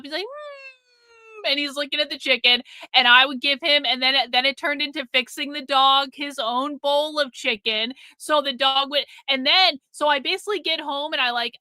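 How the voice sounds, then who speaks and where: A woman hosting a live stream, chatting casually with her audience and telling a rambling, profane story with lively swings in loudness. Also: high voice, no room sound. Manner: animated, jumps between loud and quiet.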